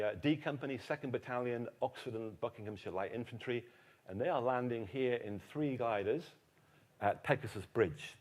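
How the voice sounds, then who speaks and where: A middle-aged man with an English accent tells a history story to a live audience as keynote speaker, dropping dry, teasing jokes. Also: mid-range voice. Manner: dry, joking asides to the audience.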